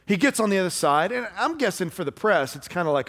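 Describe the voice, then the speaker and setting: Guy preaching a sermon, kinda high voice, big hall echo, goes loud then quiet. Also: sing-song, fairly quick, few pauses. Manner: conversational preaching, shifting between loud and hushed. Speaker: pastor. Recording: long hall reverb.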